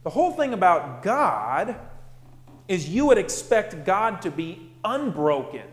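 A man's voice: high voice, sing-song, unhurried, roomy sound, big-room sound. A man preaching a sermon as pastor, emphatic and repeating his key phrases.

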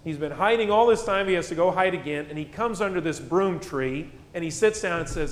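A man's voice: high voice, brisk, few pauses. A male pastor preaching a sermon in a plain-spoken, conversational way, with casual asides as he explains. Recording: echoey church hall with long reverb.

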